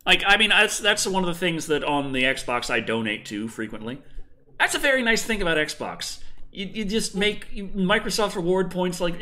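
A man's voice: fairly high pitch, pushed and bright. A man hosting a podcast, chatting casually about entertainment news, easily amused. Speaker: podcast host.

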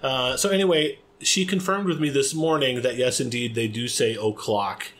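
An American man co-hosting a casual podcast chat, playful and rambling, quick to laugh. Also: medium pitch, steady tone, fairly bright tone. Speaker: podcast co-host.

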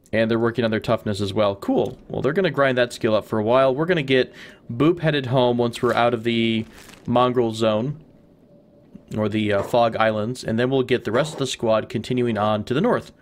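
A man talking through his game session in a loose, easygoing way. He rambles and thinks aloud, with asides as he goes, in a voice of middling pitch. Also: slight background noise. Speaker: let's play host. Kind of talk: casual gameplay commentary.

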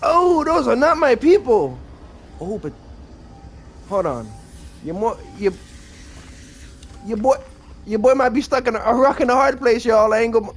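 A man's voice: high-pitched, moderate pace, pauses often. A man giving casual gameplay commentary, apologetic and rambling, with a lot of slang and self-mockery. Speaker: gaming video creator.

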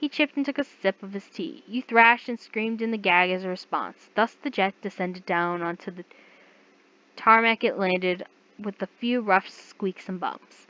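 A woman's voice: medium pitch, unhurried, sharp tone, highs cut off. A woman reading a fan fiction story aloud in a casual way, stumbling over words now and then. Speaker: reader.

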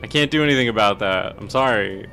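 A man's voice: fairly low pitch, fast talker, creaky, pushed and bright, a little hiss or hum. A man streaming a horror game live, commentating and swearing, yelping when startled.

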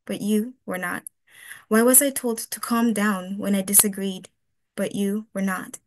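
A woman's voice: medium pitch, fairly even intonation, a little hiss or hum. Woman reading spoken-word poetry, pointed. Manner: slow, pointed, rhetorical questions. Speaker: webinar panelist reading her poem.

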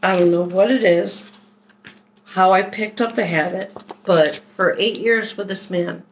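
Casual haul vlogger, woman from Philadelphia, slow easygoing delivery, faint hiss behind. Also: lowish voice, poor audio. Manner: chatty, unhurried, talks while unpacking items. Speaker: vlogger doing a shopping haul. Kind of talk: casual haul video chat.

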